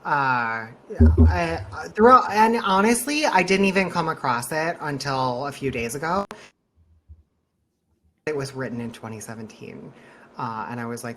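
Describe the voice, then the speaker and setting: A man co-hosting a podcast, talking in a loose, chatty way. He is animated, laughs a lot between sentences and drops swear words without a second thought. There is a faint hum of noise behind him. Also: medium pitch, unhurried. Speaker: podcast co-host. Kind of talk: casual podcast chat.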